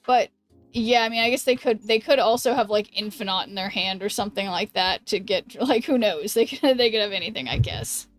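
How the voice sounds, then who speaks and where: A woman streaming a card game, thinking aloud in halting restarts and chatting with her viewers. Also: medium pitch, faint music behind. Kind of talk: casual live-stream commentary.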